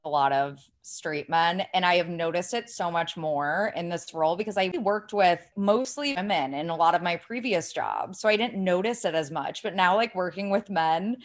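Woman from ohio guesting on a podcast, big vocal fry, says like a lot, laptop mic. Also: fairly low pitch, normal speed, few pauses. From Ohio, USA. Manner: chatty, lots of "like" fillers. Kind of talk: casual interview chat. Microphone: laptop mic without headphones.

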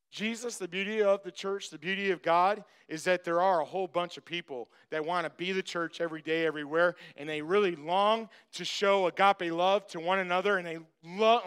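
High-voiced, bright preaching man. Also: clear, resonant tone. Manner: emphatic, repeats phrases, addresses congregation directly. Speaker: pastor. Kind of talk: sermon.

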